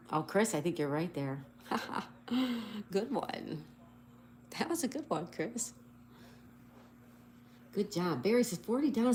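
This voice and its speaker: Slight background noise accompanies this woman's fairly low, darkish voice. She's hosting a casual livestream, happily spelling out words one letter at a time and reading comments from viewers.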